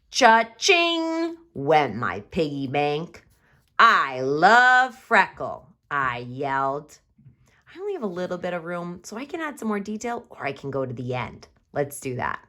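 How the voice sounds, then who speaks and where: A woman kindergarten teacher giving a remote writing lesson to young children, sounding out words slowly and reading her story aloud with exaggerated expression, recorded on camera at home. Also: rumbling low. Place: home, recorded for online class.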